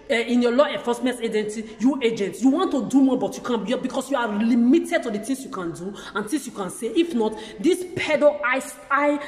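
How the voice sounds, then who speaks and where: Heated woman ranting in an echoey room. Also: fairly high pitch. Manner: heated, repetitive, stammering restarts. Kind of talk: agitated ranting vlog to camera. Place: lives in the country she describes as where she'll age. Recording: echoey room with long reverb.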